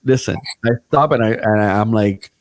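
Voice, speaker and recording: A man's voice: fairly low pitch, normal speed. A man casually telling a story on a podcast, swearing freely and acting out what other people said.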